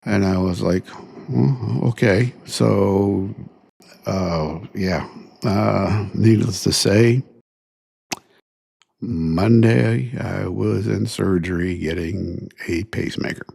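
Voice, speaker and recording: A deep-voiced, gravelly middle-aged man with a drawl, talking slowly in a husky tone. He sounds tired and sore after surgery and wanders through his story with plenty of ums and uhs. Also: steady tone, a little mellow. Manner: rambling, many fillers, retells dialogue. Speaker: podcast host. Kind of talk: casual first-person storytelling.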